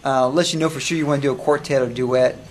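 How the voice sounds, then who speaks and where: A man teaching music software to a class, talking casually with many restarts and questions to the students. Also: mid-range voice, steady tone, fast. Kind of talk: live classroom software demo.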